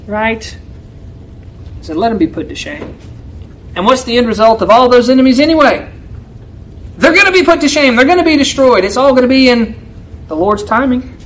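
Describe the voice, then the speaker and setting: A man preaching an expository sermon as a church elder, emphatic and often turning to his listeners with "right?", swinging between raised pleading and low, quiet asides. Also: expressive, brisk, pauses often, a little hiss or hum, low-quality recording.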